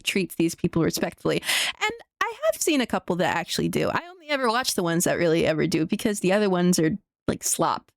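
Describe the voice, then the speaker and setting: A woman's voice: medium pitch, no room sound. Young woman ranting on stream, swears a lot, keeps restarting, dry close mic. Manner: rambling, profane, animated rant with frequent restarts. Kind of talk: casual livestream chat.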